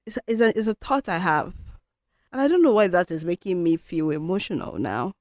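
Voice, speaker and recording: A woman's voice: on the low side, lively intonation, brisk, darkish tone, no echo, studio quality. A woman hosting a solo podcast, talking in a candid, reflective, conversational way. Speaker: podcast host.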